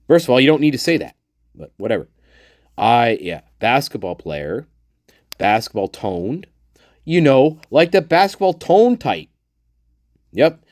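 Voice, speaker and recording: A man's voice: medium pitch, very animated, a little slow, pauses often, a little mellow, no echo, clean studio sound. A man hosting a casual commentary show, speaking bluntly with frequent swearing and chuckles, addressing his viewers directly. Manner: blunt and profane, chuckling often; talks to the viewer and acts out people he quotes. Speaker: host of a true-crime commentary channel.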